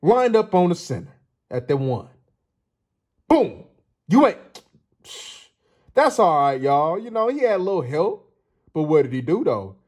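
A man hosting his own channel, giving an excited football film breakdown, laughing often and repeating his points for emphasis. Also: a little high, unhurried, pauses often. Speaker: sports channel host.

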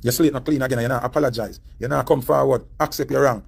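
Fast, gravelly Jamaican man ranting. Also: medium pitch, fairly even intonation. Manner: heated, preachy, repetitive. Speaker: online commentator. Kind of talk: ranting commentary.

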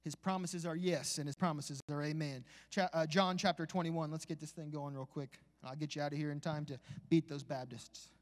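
A man preaching a live sermon in a church, with folksy asides, building from a conversational tone to shouted exhortation. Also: a little high, fairly even intonation, fairly quick, hardly any pauses. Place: church sanctuary. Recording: long church hall reverb.

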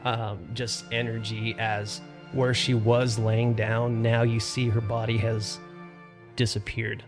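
A man's voice: on the low side, little pitch movement, slow, music in the background. A man narrating a tabletop game as game master, describing scenes steadily with frequent fillers.

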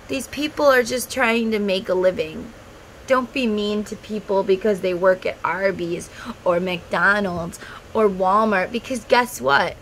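A woman's voice: mid-range voice, a little hiss or hum, poor audio. A woman in her thirties talking to her viewers in a heartfelt, rambling way, close to tears. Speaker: tarot content creator. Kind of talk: casual monologue to camera.

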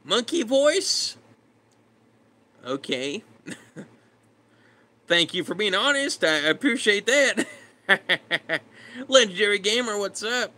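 A man's voice: sits high, animated, slow, long pauses, pushed and bright. A man casually chatting with his live stream viewers, laid-back and greeting them by name. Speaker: streamer reading chat.

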